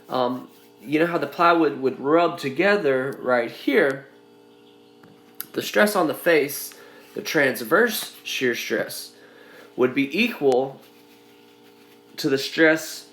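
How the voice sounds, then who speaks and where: Male instructor, unhurried and halting, repeats himself while teaching; roomy classroom echo. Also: on the high side, gravelly, fairly bright tone. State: coughing now and then. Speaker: engineering instructor. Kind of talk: recorded lecture. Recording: echoey room sound.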